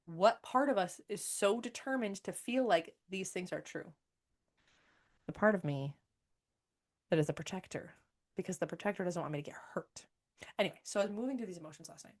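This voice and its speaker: A woman's voice: lowish voice, a little fast, long pauses, a little mellow. Emphatic, swearing woman podcast host. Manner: emphatic, swears freely, repeats phrases. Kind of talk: candid monologue.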